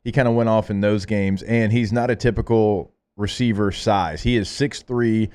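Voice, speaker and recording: A man co-hosting a sports radio show, chatting quickly and rattling off player stats. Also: on the low side, fairly even intonation, darkish tone, clean tone. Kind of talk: casual sports talk.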